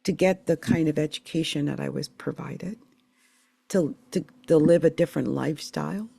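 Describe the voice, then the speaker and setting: A middle-aged woman from the Philadelphia area telling her life story in a candid, emotional, rambling way, with halting restarts. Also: low voice, creaky, warm tone, slightly rough, no echo. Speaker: channel host sharing her life story. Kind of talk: personal storytelling monologue.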